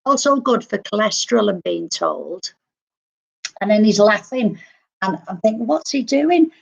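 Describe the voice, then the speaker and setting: Lady medium doing live readings, bit of vocal fry, mid pitch. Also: lively intonation, normal speed, dull audio. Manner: relays spirit messages, acts out voices. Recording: livestream.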